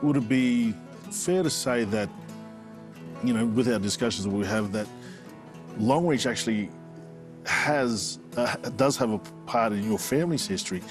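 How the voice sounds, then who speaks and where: Halting male interviewer. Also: mid-range voice. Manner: halting, repeats words. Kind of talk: interview questions. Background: music.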